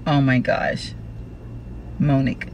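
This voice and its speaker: A woman chats to her viewers from the seat of her car and gushes over each gift she unboxes. She talks in exclamations and repeated thanks. Steady road and engine noise runs under her voice. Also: very deep voice, slow. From Texas. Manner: effusive, exclamatory, gushing thanks. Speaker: vlogger. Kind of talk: casual unboxing chat. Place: parked car.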